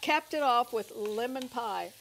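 Brief: talk show host, woman, fairly high voice, chatty joke-telling manner, faint studio noise. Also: lively intonation, measured pace, creaky, a bit bright. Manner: chatty storyteller, jokey. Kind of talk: casual chat on a cooking segment.

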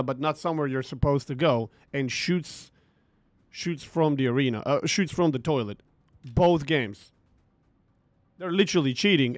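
A man ranting about a tournament over gameplay, frustrated and swearing, repeating himself as he tells the story. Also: medium pitch. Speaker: gaming streamer.

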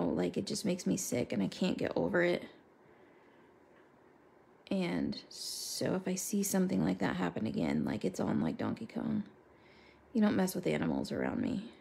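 A woman with a gravelly, creaky voice chats in a slow, unhurried way while she colors. She rambles from one thing to the next and greets her viewers by name. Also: medium pitch, warm tone. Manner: chatty and rambling, talks to chat viewers by name. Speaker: crafter coloring live with viewers.

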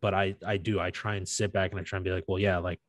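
A young man co-hosting a casual podcast chat, telling stories with lots of swearing and laughter, his voice rising into animated impressions. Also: sits low, quick pace, dry recording, clean studio sound. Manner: animated storytelling, swears freely, laughs often. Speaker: podcast co-host.

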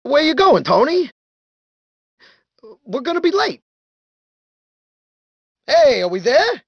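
A jittery, sleazy mobster wannabe from a crime video game. He rambles and whines in a gravelly, fry-edged voice. His pitch leaps all over the place as he frets and schemes. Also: big pitch swings, no room sound, muffled recording, heavily acted. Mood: whining. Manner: whiny, panicky and fast-rambling. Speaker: game character.

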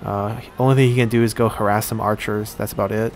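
A man giving casual let's-play commentary while he plays a strategy game, thinking aloud and pausing often on fillers. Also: fairly low pitch, steady tone, slight background noise. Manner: thinks aloud, halting with frequent "uh".

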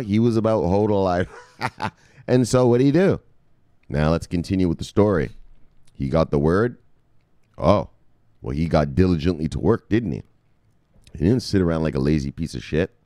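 A man's voice: sits low, mellow, no echo. A man hosting a crypto video, telling a crude, joking story in a mock-preachy way. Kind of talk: mock-sermon crypto commentary.

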